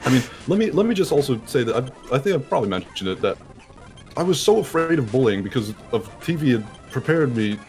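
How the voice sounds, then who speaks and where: A man's voice: mid-range voice, big pitch swings, fast talker, darkish tone. Young male host, casual rambly chat, lots of likes and acted-out quotes, faint music under it. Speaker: let's play host. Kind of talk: casual chat over a voice call.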